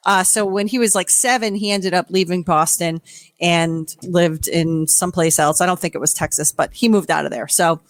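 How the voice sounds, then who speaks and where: A woman co-hosting a podcast, recapping a reality show in rambling, profane casual chat and slipping into quick impressions of the people on it. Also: on the low side, fairly even intonation. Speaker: podcast co-host.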